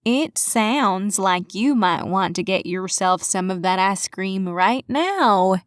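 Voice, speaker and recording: A woman voicing a young woman who puts on a twangy Southern accent, speaking slowly in an audiobook. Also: medium pitch, animated, clean tone, no echo, clean studio sound. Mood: drawling. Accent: Southern US, put on. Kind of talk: audiobook character voice.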